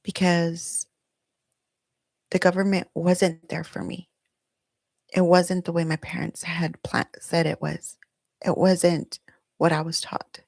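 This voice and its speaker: A woman's voice: lowish voice, level tone, slow pace, gravelly, long pauses, a little mellow, no echo. A middle-aged woman hosting her own podcast, telling a personal story candidly and emotionally while recording herself at home. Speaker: podcast host. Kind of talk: personal confessional monologue. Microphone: recording herself on video.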